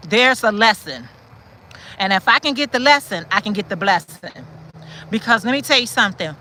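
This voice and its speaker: Walking outdoors in a city, a woman hosts a walk-and-talk chat for her channel, answering viewer comments and preaching encouragement while repeating lines for emphasis. Her mid-range voice is animated and sharp in tone, at a normal speed.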